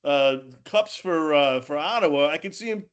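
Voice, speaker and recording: A man's voice: fairly high pitch, moderate pace, clear, resonant tone, dull audio. A man hosting a podcast, joking bluntly and laughing along with his guest. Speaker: podcast host. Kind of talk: casual chat.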